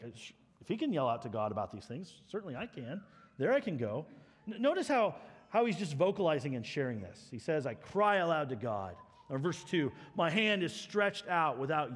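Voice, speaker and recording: A man preaching a sermon as pastor, earnest and impassioned, moving between loud outbursts and soft hushed passages. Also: on the high side, slightly rough. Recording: long reverb of a large hall.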